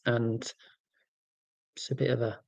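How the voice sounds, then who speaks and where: An English man in his forties with a near-London accent, chatting through viewer comments on a livestream. His delivery is a flat monotone, careful and clear. The recording is dry, with no room sound. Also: mid-range voice, dry recording, muffled recording. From England, near London. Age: 40s. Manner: monotone, careful and deliberate about being clear. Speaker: livestream host. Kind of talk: casual livestream chat, reading out viewer comments.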